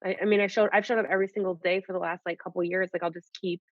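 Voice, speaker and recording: A young woman and nurse, telling her story in a casual, animated way and saying "like" often. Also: fairly low pitch, rapid-fire, no room sound. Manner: animated, peppers speech with "like". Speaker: nurse guest. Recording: dull lo-fi audio.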